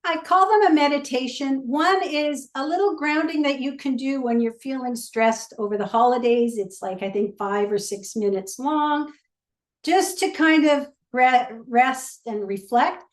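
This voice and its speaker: High-voiced woman demonstrating a recipe. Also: a little slow, echoey room. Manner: chatty, plain instructional. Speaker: guest presenter. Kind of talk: cooking demonstration.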